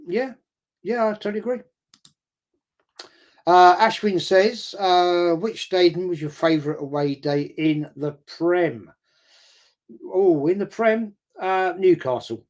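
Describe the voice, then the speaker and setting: This casual live-stream chat comes from a man in his sixties whose mid-range voice is a little mellow. He rambles, reads out comments from viewers, frequently says the same thing again and pauses with ums.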